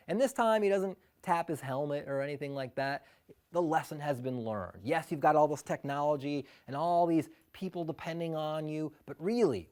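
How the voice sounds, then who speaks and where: A man telling a personal story live, animated, often laughing and acting out the quotes. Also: fairly high pitch.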